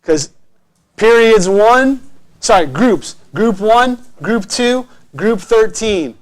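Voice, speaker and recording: High-voiced man teaching a chemistry class. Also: animated, slow. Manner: encouraging, checks understanding often. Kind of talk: classroom lecture.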